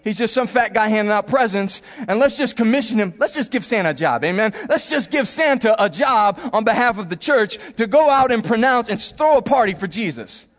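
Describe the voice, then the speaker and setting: A man preaching from the pulpit. His voice sits high and light, and he is animated, slipping into playful voices to act out little scenes and laughing along the way. A long reverb trails off the church hall around him. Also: brisk, hardly any pauses. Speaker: pastor. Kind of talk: sermon.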